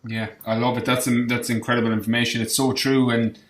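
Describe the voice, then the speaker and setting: A man's voice: medium pitch, level tone, brisk. A man hosting a podcast, affirming his guest's points and asking reflective interview questions. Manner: encouraging, affirming. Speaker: podcast host. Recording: roomy podcast recording.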